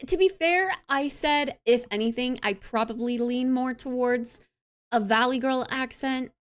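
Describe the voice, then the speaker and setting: In her casual stream, a young adult woman reads and replies to her live chat, sounding bubbly and animated and dropping "like" often. She has a high voice and takes her time speaking.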